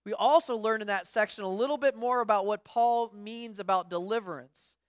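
A woman's voice: medium pitch, fairly quick, no room sound, studio quality. A woman pastor giving a conversational sermon, telling stories with frequent restarts and acting out what others say. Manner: storytelling, frequent restarts, acts out quoted voices.

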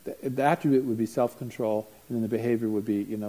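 A man's voice: medium pitch, fairly even intonation, fast, hardly any pauses, dark tone, poor audio. A man teaching a parenting class in a conversational way, telling stories and acting out the people in them. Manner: anecdotal, acts out voices while telling stories. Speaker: parenting seminar speaker.

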